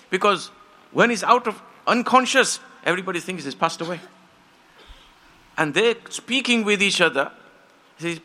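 Delivering impassioned stories in a sermon, this preacher voices the characters he quotes. He speaks at normal speed in a high-pitched, sharp-toned voice.

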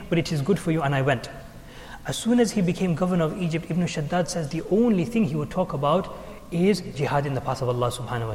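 Fast, high-voiced man preaching in a hall. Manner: animated storytelling with fillers and restarts. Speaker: Islamic speaker. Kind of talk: sermon.

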